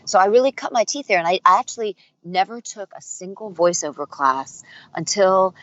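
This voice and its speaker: A woman's voice: mid-range voice, moderate pace, dull audio. A middle-aged woman voice actor and dialect coach telling stories in a casual interview, acting out the voices she quotes. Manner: animated storyteller, acts out quoted voices.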